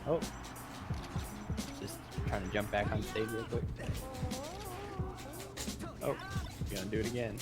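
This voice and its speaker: A man's voice: fairly low pitch, fairly even intonation, a little slow, pauses often. A man playing a video game with a friend, tossing out short, dry remarks in casual chat. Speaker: guest player. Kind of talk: casual chat while gaming. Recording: loud game music behind.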